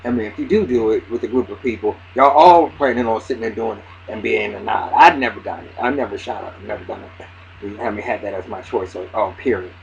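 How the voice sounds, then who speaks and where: A man's voice: lowish voice, fast talker, creaky, hardly any pauses. A man giving a casual, profane recap of a TV episode, acting out the characters' lines with lots of restarts. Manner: excitable, acts out character lines, heavy cursing, many restarts. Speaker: TV recap reviewer. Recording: dull lo-fi audio with faint hiss.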